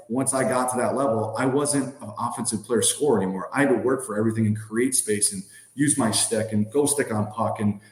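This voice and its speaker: A man's voice: on the low side, darkish tone. A man in his thirties, a former hockey player as a podcast guest, telling stories in a loose, rambling way full of "like" and "you know". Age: 30s. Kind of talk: casual storytelling. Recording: roomy echo.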